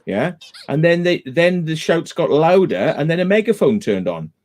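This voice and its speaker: A man's voice: fairly high pitch, expressive, moderate pace, a little mellow. A man hosting a live stream in casual chat, retelling a dispute emphatically and going back over the same points.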